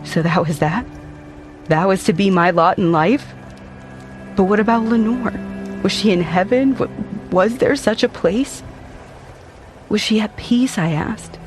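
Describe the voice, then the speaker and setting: A man's voice: sits high, measured pace, pauses often, over music. Brooding man narrating a haunted tale. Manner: intense, brooding, haunted storytelling. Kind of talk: dramatic first-person audio drama narration.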